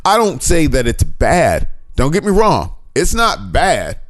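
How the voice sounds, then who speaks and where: A man's voice: on the high side, unhurried. A man co-hosting a podcast, talking in loose, profane banter and laughing often. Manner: animated, profane, laughs often, restarts sentences. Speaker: podcast co-host.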